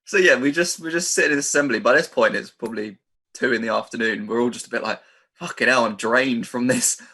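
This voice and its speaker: A man's voice: mid-range voice, fast, pushed and bright, husky. A young man, co-hosting a casual podcast, telling school stories with laughs and casual swearing. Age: young adult. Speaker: podcast co-host. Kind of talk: casual chat.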